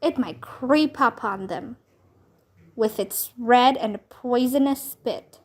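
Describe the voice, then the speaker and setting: Woman narrating a kids' storybook, high voice, lively and slow. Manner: expressive, dramatic narration. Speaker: storybook reader. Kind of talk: children's book read-aloud.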